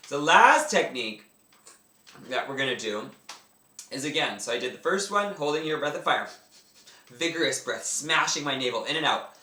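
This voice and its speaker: A man's voice: medium pitch, bright, forceful tone. A man teaching yoga breathing exercises in a casual, enthusiastic way, talking through each movement as he does it. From Canada. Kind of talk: instructional talk. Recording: echoey room, mic at a distance.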